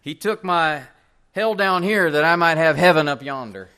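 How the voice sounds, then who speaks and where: This is a homespun old Southern preacher with a country twang, as a pastor puts him on mid-sermon. The drawl is folksy and easy. The voice sits a little high for a man. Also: moderate pace, bright, forceful tone, clean tone.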